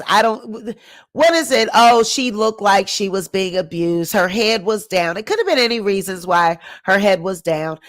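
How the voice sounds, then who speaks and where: A woman giving an indignant ranting commentary to her viewers, repeating her points emphatically and swinging between sharp exclamations and low muttering. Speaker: commentary YouTuber.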